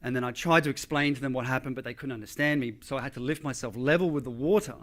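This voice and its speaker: A man's voice: medium pitch, fast, a bit bright. A man giving a motivational speech on stage, telling a dramatic personal story. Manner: vivid, conversational storytelling with quoted dialogue. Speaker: motivational speaker. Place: event stage before an audience.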